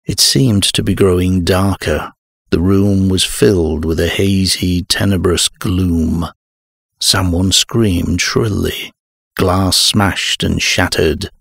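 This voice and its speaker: Deep, gravelly male horror narrator. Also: steady tone, fairly bright tone, no room sound, clean studio sound. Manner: measured, dramatic first-person telling. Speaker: audiobook narrator.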